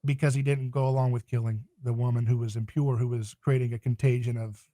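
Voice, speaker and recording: A man's voice: mid-range voice, flat delivery, brisk, warm tone, no echo. A man speaking as a podcast guest in a passionate, emphatic, preaching tone. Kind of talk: podcast interview.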